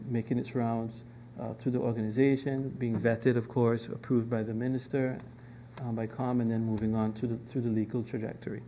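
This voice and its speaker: A man presents a government department's plans to a parliamentary committee in a level, even delivery. His voice is mellow and dark, and he pauses often with ums and restarts. A faint hum of room noise sits behind him. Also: mid-range voice. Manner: measured, with frequent ums and restarts.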